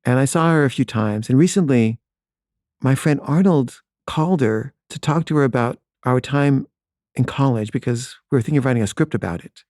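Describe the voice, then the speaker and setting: Middle-aged male storyteller, mid-pitched voice, plain candid delivery with a wry edge. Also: moderate pace, darkish tone, no room sound, studio quality. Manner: candid, matter-of-fact recounting with wry asides. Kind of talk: personal storytelling.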